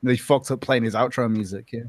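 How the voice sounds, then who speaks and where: Crude guy sneering on a stream, normal pitch, dry mic. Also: steady tone, fast, no echo. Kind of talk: crude casual chat.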